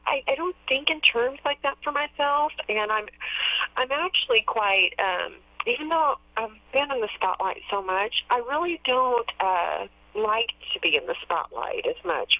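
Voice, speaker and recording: A woman guest in a casual phone interview, telling stories in a warm, chatty way with plenty of fillers and restarts. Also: on the high side, lively intonation, normal speed, no echo, highs cut off. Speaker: radio DJ and PR firm owner, interview guest.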